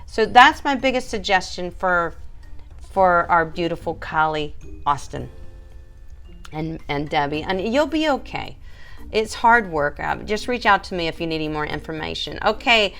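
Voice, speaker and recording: A woman's voice: on the low side, expressive, moderate pace, a bit bright, faint music behind. A woman, a pet groomer, hosting a casual live stream, chatty and emphatic as she answers viewers by name.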